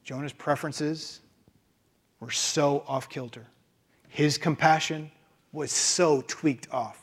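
Pastor, sermon delivery, high-pitched man, emphatic, punches his points with rhetorical questions. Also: fairly even intonation, takes it slowly, husky.

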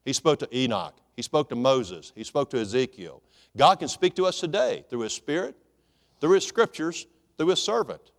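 A man's voice: mid-range voice, animated, normal speed. A man preaching a sermon in a folksy, joking way, calling for amens. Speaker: pastor.

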